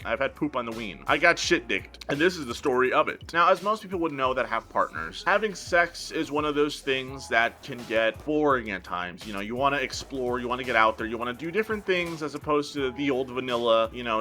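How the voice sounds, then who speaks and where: A man telling a crude comedic story to the camera, swearing a lot and talking in an animated way. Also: mid-range voice.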